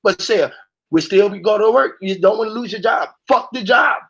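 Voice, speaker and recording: A man's voice: sits high, moderate pace, gravelly, a bit bright, dull audio. A man on a live call-in panel, delivering a profane, fired-up, preachy rant. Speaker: panel speaker.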